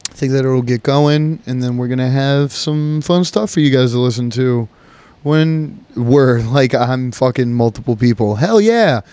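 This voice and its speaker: A man's voice: mid-range voice, steady tone, moderate pace, mellow, clean tone, dry recording. A man hosting a solo podcast, talking in a profane, rambling and joking way. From United States. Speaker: podcast host. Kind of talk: casual solo podcast monologue.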